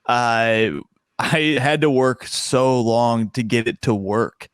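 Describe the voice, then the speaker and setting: A man talks about his craft in an earnest, reflective way as a podcast guest, now and then restarting his sentences. His voice is smooth and resonant. The sound is close and dry. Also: mid-range voice, takes it slowly, no room sound. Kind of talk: podcast interview.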